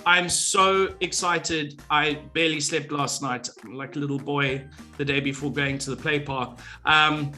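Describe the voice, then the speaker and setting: A man's voice: medium pitch, flat delivery, moderate pace, sharp tone, faint music behind. A man co-hosting a playful business show over a video call, goofy and jokey. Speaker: co-host.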